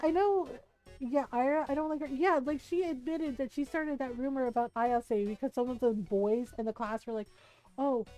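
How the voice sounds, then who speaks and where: A woman streamer chatting casually while playing a game, animated and swearing freely. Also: a little high, low-quality recording. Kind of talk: casual gameplay commentary.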